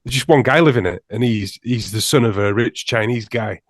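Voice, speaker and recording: Guy, mid-pitch, dry close sound, rambling anecdotes in a casual podcast roundtable. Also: fairly quick, no echo. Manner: rambling storyteller, laughs often. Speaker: podcast guest.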